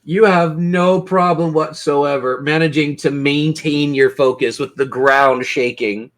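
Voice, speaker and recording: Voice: medium pitch, steady tone. Playful dm narrating a tabletop game, mid voice, laughs a lot, draws out the big moments. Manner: playful, laughs often, slows down for dramatic narration. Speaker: game master.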